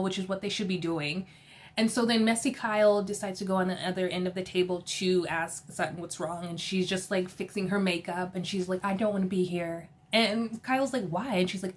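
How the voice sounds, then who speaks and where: A sassy woman talks through a reality show episode, worked up and animated. She laughs often and slips into exasperated voices when she quotes people. Her pitch sits right in the middle for a woman. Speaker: reality TV recap vlogger. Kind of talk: casual opinionated recap.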